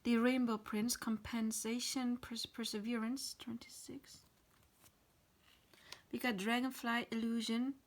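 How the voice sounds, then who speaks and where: Woman tarot reader, near tears, halting and soft with dips into whispers; slow, flat delivery. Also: on the high side. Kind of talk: pick-a-card tarot reading.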